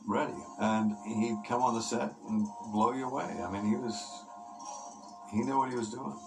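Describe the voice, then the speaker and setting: A man, an actor, recalling a film shoot in an interview with relaxed, anecdotal storytelling. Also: mid-range voice, normal speed, rough recording. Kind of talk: interview recollection. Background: music.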